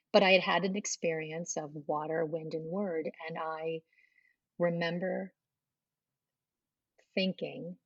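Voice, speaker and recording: A woman's voice: lowish voice, gravelly, breathy edge, no echo, lo-fi sound. A middle-aged woman telling a personal testimony in an interview, acting out the dialogue she recalls. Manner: storytelling, acts out quoted dialogue. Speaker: guest.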